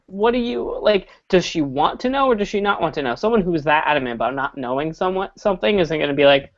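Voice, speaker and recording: A woman co-hosting a casual fan chat, acting out quoted lines with animated swings in her voice. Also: fairly low pitch, quick pace, lo-fi sound. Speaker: podcast co-host.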